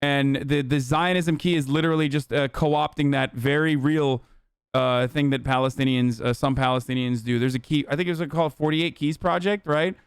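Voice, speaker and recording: A young man of Turkish origin, hosting a live stream with profane, animated ranting commentary. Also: fairly high pitch, moderate pace, smooth, no echo, clean studio sound. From Turkey.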